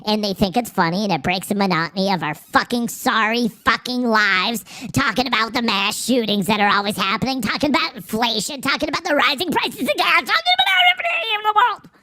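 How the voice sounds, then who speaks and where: A live-stream host putting on a high-pitched cartoon voice as a cocky little male turnip, reading chat in a profane, mocking and boastful way. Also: expressive, fairly quick, hardly any pauses, bright, forceful tone, heavily acted.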